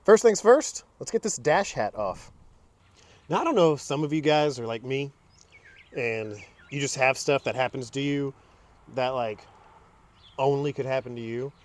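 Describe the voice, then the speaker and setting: A man's voice: mid-range voice, expressive, moderate pace, pauses often. A man hosting a home garage channel, talking through a truck repair in a casual, chatty way and drifting into side stories. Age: adult. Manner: chatty storyteller, drifts into tangents. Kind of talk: casual how-to narration.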